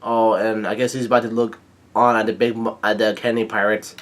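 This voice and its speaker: A man's voice: fairly low pitch, little pitch movement, brisk. A man casually reading a comic chapter aloud and recapping it, hesitant with frequent ums and restarts. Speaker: manga reader-reviewer.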